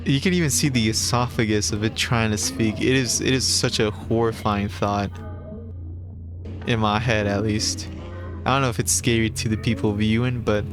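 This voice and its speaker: A man streaming a game, reading its text aloud with stumbles and restarts and gushing excitedly about it. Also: lowish voice. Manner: excitable, gushes over the game. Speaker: gaming streamer.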